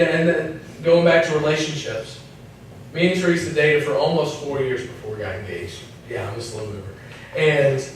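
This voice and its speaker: A man gives a relaxed, joking sermon to young people, slipping into small acted-out voices. His voice sits a little high. The mic is set back from him in a very echoey hall, with a faint hiss underneath. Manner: chatty, acts out voices, jokes. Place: church hall. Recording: echoey room, mic at a distance, faint noise.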